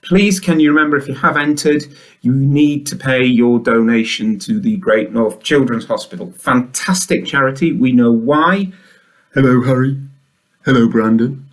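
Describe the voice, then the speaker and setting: Man, upbeat, enthusiastic school show host, chatty, mid-pitched voice. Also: normal speed.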